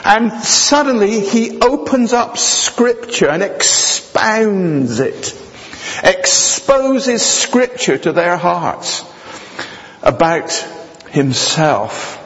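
A man preaching a sermon with jokey asides, swinging between loud, high passages and low, quiet ones. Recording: dull sound with long hall reverb.

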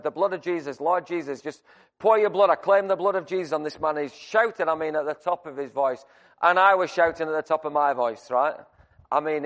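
A man preaching a sermon, speaking in a somewhat high voice. He tells a personal story in a loose, conversational way, full of restarts. Now and then he raises his voice to act out the scene. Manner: shouts to act out screaming.

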